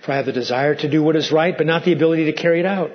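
A male pastor preaching a sermon with animated delivery, swinging from loud to hushed. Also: fairly high pitch, very fast. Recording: muffled lo-fi sermon recording.

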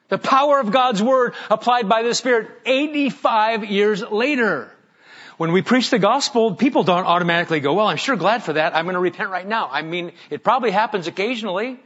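A male pastor with a high-pitched, expressive voice preaches a sermon, dramatizing his stories and moving from hushed, slow lines to loud, emphatic ones. The audio sounds dull.

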